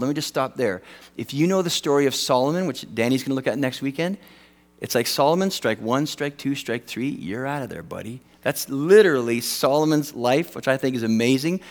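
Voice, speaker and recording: A man preaching a sermon in an animated, self-deprecating way, acting out the voices he quotes. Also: mid-range voice, fairly quick. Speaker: pastor. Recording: long reverb of a large hall.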